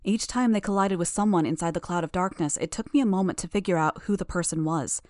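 A woman reading an audiobook chapter in the first person, in a steady, measured manner. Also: fairly low pitch, no room sound, clean studio sound. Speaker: audiobook narrator.

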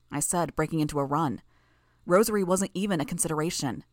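A woman narrating a first-person audiobook in a steady, even storytelling manner. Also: low voice, quick pace, no echo, studio quality.

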